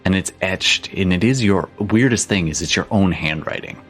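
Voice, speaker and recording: A man narrating a tabletop game as game master, halting with frequent ums and restarts. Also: low-pitched, fairly bright tone, faint music behind.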